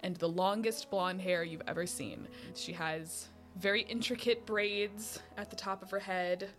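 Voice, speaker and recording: A woman playing a tabletop role-playing game, describing her character in a gentle, measured way. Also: mid-range voice, steady tone, soft background music. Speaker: player.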